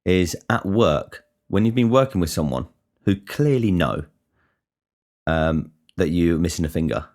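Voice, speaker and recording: Man, very low voice, casual podcast monologue, sweary, lots of restarts. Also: lively intonation, unhurried, darkish tone. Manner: rambling, sweary, restarts often. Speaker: podcast host.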